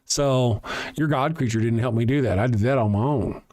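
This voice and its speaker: A man hosts a livestream on his own, reading viewer comments and firing back with sarcasm and plenty of swearing. His voice sits at an ordinary middle pitch, and he talks in a loose, conversational way into a desk mic. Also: moderate pace, a little mellow. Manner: blunt, sarcastic and profane, argues with chat. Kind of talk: casual livestream rant.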